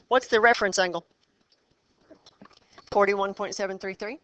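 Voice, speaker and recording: A woman's voice: medium pitch, steady tone, fairly bright tone, slight background noise. A woman teaching a math class, quizzing her students and walking them through problems step by step. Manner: quizzing the class, brisk and encouraging. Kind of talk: classroom lesson.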